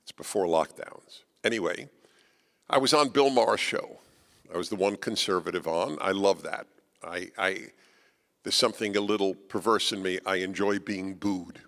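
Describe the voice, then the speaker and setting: A man addresses a live audience in an auditorium, combative and wry, pushing hard on his points. His voice has a bright, forceful edge, and long hall reverb trails after each phrase. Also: normal speed. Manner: emphatic, combative and wry, with sharp swings in pitch and loudness. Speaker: guest speaker.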